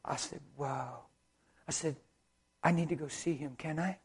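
A male preacher telling a story in a sermon, dramatic, swinging from hushed near-whispers to excited shouts. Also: a little high, measured pace, husky.

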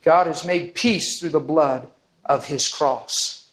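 A man preaching a sermon, telling a story with lively energy and acting out the people in it. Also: on the high side, slow pace, low-quality recording. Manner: animated, acts out the people in his stories.

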